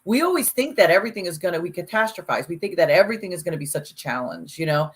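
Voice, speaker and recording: A woman co-hosting a podcast in casual chat, talking in an animated, emphatic way and swearing freely. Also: lowish voice, very fast, husky. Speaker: podcast co-host.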